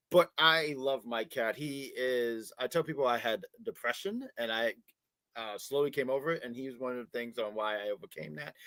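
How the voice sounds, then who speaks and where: Animated man chatting on a wrestling review show. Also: medium pitch, no room sound. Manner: animated, repeats words, baby-talks to his cat. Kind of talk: casual review chat.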